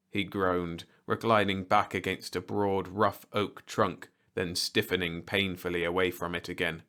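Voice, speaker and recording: A man reading a science fiction bedtime story aloud in an expressive, animated way. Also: deep voice, unhurried, few pauses. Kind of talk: scripted narration of a bedtime story.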